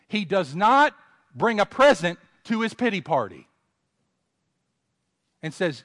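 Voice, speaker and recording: A preacher with a ringing hall echo. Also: male voice, sing-song, slow pace, long pauses. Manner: builds to loud emphatic exhortation, then drops low; conversational asides and self-corrections. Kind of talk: expository sermon.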